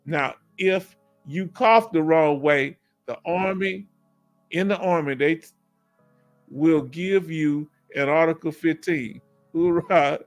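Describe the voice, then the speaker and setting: A man from Houston with a Texas accent, hosting a casual livestream Q&A through a headset, animated and laughing often with folksy slang. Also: a little high, slow pace, faint music behind. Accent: Southern US, Texas. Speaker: livestream host reading chat.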